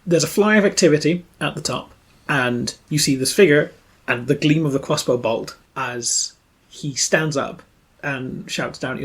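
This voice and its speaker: A game master calmly describing a scene in a tabletop role-playing game. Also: mid-range voice, normal speed, breathy edge. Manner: matter-of-fact scene description.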